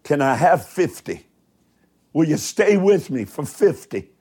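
A man preaching a livestreamed sermon in an emphatic, rhythmic style with repeated phrases and dramatic pauses. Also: on the high side, big pitch swings, dark tone, breathy edge.

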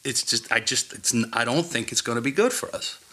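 A man's voice: medium pitch, animated, a little fast, pushed and bright. A man, a former police officer telling blunt, profane stories in casual conversation. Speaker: retired police officer guest. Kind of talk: casual storytelling chat.

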